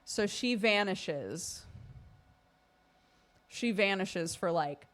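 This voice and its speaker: A woman streamer telling a casual, expressive story to her live chat, acting out quoted speech. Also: mid-range voice, drawn-out words.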